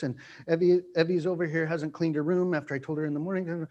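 A man preaching as a pastor, animated and acting out everyday scenes, often putting questions to his listeners. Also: fairly high pitch, brisk. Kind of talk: sermon teaching.

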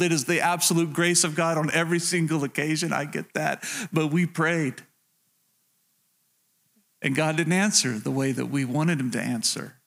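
A pastor preaches to his congregation, his voice sitting a little high for a man. He speaks directly and earnestly to them, often stopping to ask "can I tell you something" and circling back to the same phrases. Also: a bit bright. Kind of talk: sermon.

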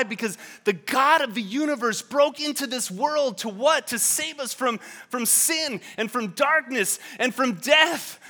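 A man preaching a sermon with fervor, swinging from quiet reflection to loud exhortation and often repeating words as he thinks. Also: very high-pitched. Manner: fervent, swings from quiet to shouting. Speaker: pastor.

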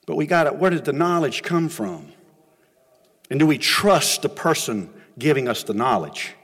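A middle-aged pastor, preaching a sermon in a folksy storytelling way that swings between loud and soft. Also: male voice, a little high, animated, normal speed, breathy edge, in a large hall. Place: church sanctuary.

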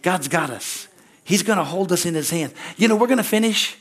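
Guy preaching sunday church sermon, slightly higher voice, goes loud then drops quiet. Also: expressive, fairly quick. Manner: call-and-response preaching with frequent amens and hallelujahs; swings between loud exclamations and quiet asides. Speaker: pastor. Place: church sanctuary.

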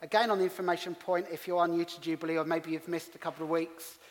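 Delivered quickly in a slightly high, level voice, this sermon comes from a middle-aged pastor from England. He tells self-deprecating stories in a church hall whose long reverb colours the recording.

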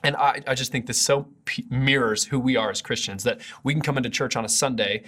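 A man's voice: medium pitch, steady tone, a little fast, a bit bright, husky. A man preaching an earnest, conversational video sermon as a pastor.

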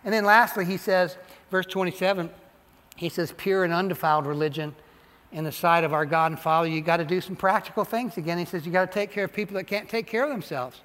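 High bright-voiced male pastor preaching. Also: quick pace. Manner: animated preaching, repeats and stresses phrases. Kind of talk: sermon. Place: church sanctuary. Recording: long hall reverb.

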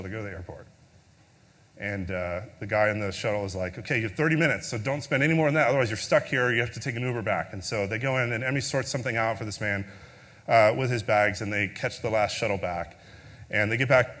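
A man's voice: on the low side, a bit bright, long reverb tail. A man preaching a sermon as a pastor, telling a story in a conversational way with filler words, then leading a prayer.

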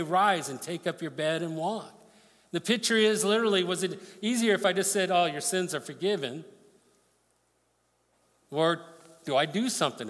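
A man's voice: a little high, a bit bright, long reverb tail. A man preaching a sermon, reading scripture aloud and explaining it with emphasis. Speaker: pastor.

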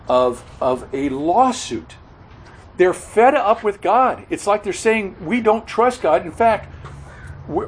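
A man preaching an expository sermon, earnest and halting, often repeating words and correcting himself mid-sentence. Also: on the high side, slight background noise, poor audio. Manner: earnest expository teaching, stresses key words.

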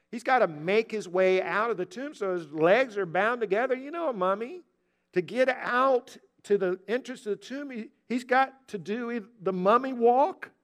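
A man's voice: high voice, a bit bright. A man in his sixties, a pastor, preaching a sermon and telling the story with wry humor.

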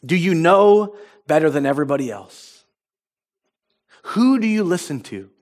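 A man's voice: on the high side, lively intonation, unhurried, a little mellow. A male pastor preaching a sermon, retelling a story and acting out the quoted lines, often restarting his phrases.

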